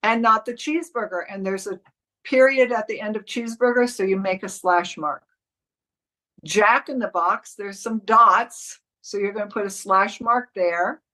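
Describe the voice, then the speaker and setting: A woman's voice: medium pitch, unhurried, sharp tone, low-quality recording. A woman coach teaching a live online class, walking students step by step through marking up a commercial script, with frequent restarts.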